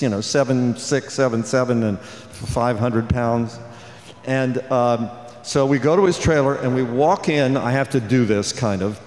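An older man recounts a memory to a convention audience, pausing and restarting as he talks. His mid-pitched voice rings out with the long reverb of a big, echoey hall. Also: a little mellow. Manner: storytelling with many restarts and fillers. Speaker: actor on a convention panel. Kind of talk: anecdote on a convention panel.

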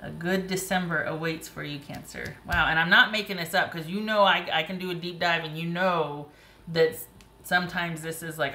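A woman giving a casual, chatty tarot reading, encouraging and quick to laugh and exclaim. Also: low voice, fairly even intonation, sharp tone, reverberant. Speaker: tarot reader.

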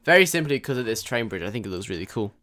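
A man's voice: lowish voice, very animated, rapid-fire, sharp tone. A young man chatting jokily to his viewers while commentating a live game stream. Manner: chatty, jokey, talks to viewers.

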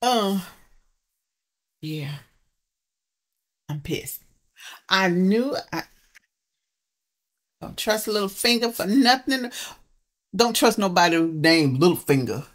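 A woman hosting a reaction video, talking casually with loud emphatic exclamations. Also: medium pitch, animated, slow, pauses often.

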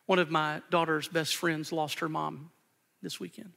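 A man's voice: fairly high pitch, little pitch movement, measured pace, creaky, sharp tone. A male pastor preaching an earnest, emphatic sermon, repeating phrases for weight, recorded live in a church sanctuary. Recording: long church hall reverb.

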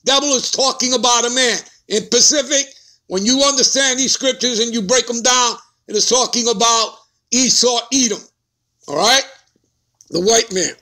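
A man's voice: very high-pitched, sharp tone. A man teaching scripture in a sermon, speaking emphatically and checking in with his listeners again and again. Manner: emphatic, keeps asking "all right?" and "okay?". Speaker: preacher.

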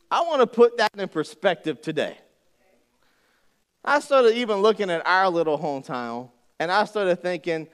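A man preaching a sermon as pastor, folksy and joking, with animated storytelling. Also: sits high, normal speed, clean tone.

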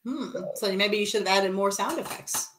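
A woman's voice: medium pitch, moderate pace, a bit bright. A woman co-hosting a podcast, chiming in with short, curious reactions and follow-up questions. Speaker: podcast co-host. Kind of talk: casual podcast chat. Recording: noisy podcast audio.

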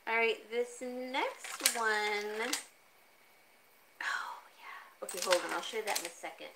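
Amid heavy background noise, a woman speaks at a moderate pace while hosting a casual live jewelry sale from home. Chatty and easily sidetracked, she laughs often and coos at her cat in a high, coaxing voice.

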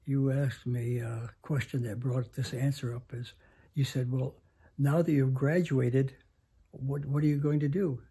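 Breathy soft-spoken man in his nineties. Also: mid-range voice, fairly even intonation. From United States. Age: 90s. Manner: slow, halting, many pauses and restarts. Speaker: interview guest. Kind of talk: reflective storytelling. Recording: home interview.

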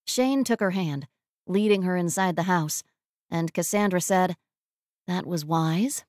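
A woman reading a romantic comedy audiobook as narrator, in an even storytelling manner. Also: fairly low pitch, normal speed, dry recording, clean studio sound. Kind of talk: scripted narration.

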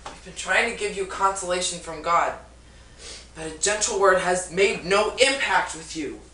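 A woman as a stern lecturing friend, low and bright, reproachful, echoey room, distant mic. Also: moderate pace. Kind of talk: stage play acting. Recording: echoey room from far off with faint noise.

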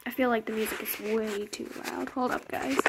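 A woman's voice: a little high, steady tone, normal speed, creaky, very noisy. A young woman casually commenting on her game as its channel host, chatty and rambling, often correcting herself. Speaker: gaming YouTuber. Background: game music.

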